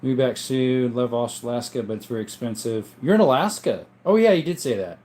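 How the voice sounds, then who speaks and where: Animated and fairly quick, a livestream host with a medium-pitched, darkish voice reads viewer comments aloud in his home gun-collection room. His replies are laid-back and rambling, and his voice sounds strained and worn.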